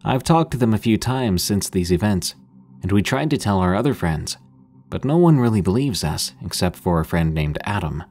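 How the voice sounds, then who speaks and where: A man narrating scary stories in a steady, measured way as the show's host. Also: lowish voice, faint music behind. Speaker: horror story narrator. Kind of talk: scripted narration of horror stories.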